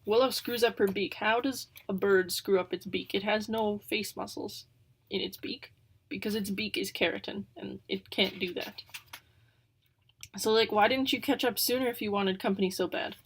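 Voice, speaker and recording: A woman's voice: medium pitch, fairly even intonation, moderate pace, slightly rough. Woman reading a novel aloud, wry asides. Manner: casual, wry asides between passages. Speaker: reader of a children's novel.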